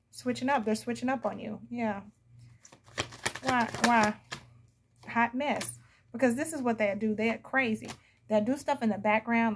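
A woman's voice: mid-range voice, a little hiss or hum. A woman giving a casual, blunt tarot reading, chatting to viewers and laughing often. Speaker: tarot reader.

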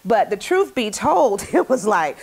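A woman's voice: mid-range voice, big pitch swings, unhurried, vocal fry, slightly rough. A woman talk show host, now the guest in an interview, telling a personal story in a candid, heartfelt way.

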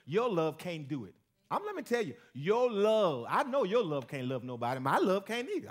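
A man preaching a sermon as pastor to a church congregation, with call-and-response and stretches that build to shouting. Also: sits high, sing-song, normal speed.

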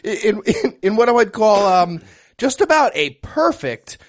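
A man's voice: sits high, sing-song, measured pace. A man co-hosting a comedy podcast, making wry, understated jokes about a bad movie. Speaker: podcast co-host. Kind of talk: casual comedic movie riffing.

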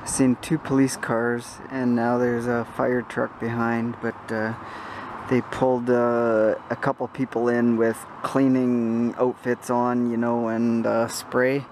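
Filming himself on a city street with a handheld camera, an older vlogger narrates in a loose, wandering, talkative manner that keeps drifting off topic. His mid-range voice stays level and slow. Background noise fills the recording.

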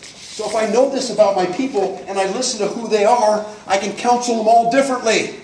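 This man's voice sits high and a little mellow, moving a little fast with fairly even intonation. He's giving a live, folksy and emphatic motivational talk at a business coaching event, playing out the people he mentions. Recorded indoors in an event hall, the sound is echoey and distant.

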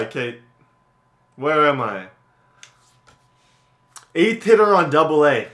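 A man's voice: fairly high pitch, big pitch swings, slow, fairly bright tone. A young man casually commenting on his own video game play, chatty and self-mocking, with lots of filler words. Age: young adult. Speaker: gaming YouTuber.

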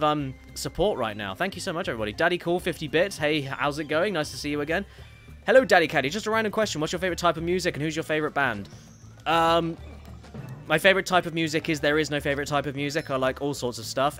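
A man chatting casually during a live game stream and reading viewer messages aloud with quick asides. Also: on the high side, fairly bright tone. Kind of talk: casual live-stream chat while gaming. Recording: faint game music behind.

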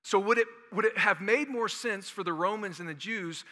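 A man's voice: high voice, normal speed, bright, forceful tone. A man from Houston preaching a sermon as pastor, joking and talking in a loose conversational way. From Houston, Texas. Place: church sanctuary. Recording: long echo of a large church hall.

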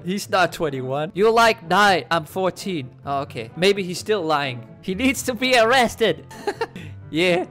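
A man hosting a game channel, rambling excitably through casual gameplay commentary, talking back to other players and laughing often. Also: on the high side. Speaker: gaming channel host.

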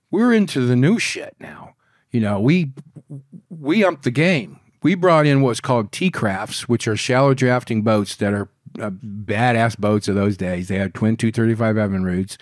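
A man in his sixties, a podcast guest telling wild stories in a rambling, profane, animated way. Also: mid-range voice, no echo, clean studio sound. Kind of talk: casual storytelling interview.

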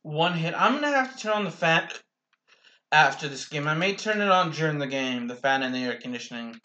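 Hiccups and coughs keep disrupting this young man as he offers slow, rambling commentary on his own gameplay, frequently starting over. His voice sits on the high side, bright and animated, with a forceful edge.

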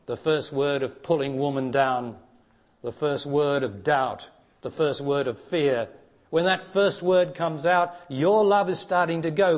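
A man giving a spiritual talk to an audience, blunt and challenging, dropping to hushed tones and then rising to emphatic ones. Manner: blunt, challenging, preacher-like, asks direct questions; swings between hushed low passages and raised emphatic ones. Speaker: spiritual teacher.

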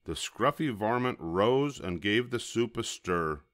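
An older man reading a children's storybook aloud in a gentle, expressive storytelling manner. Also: fairly low pitch, measured pace, no echo, studio quality.

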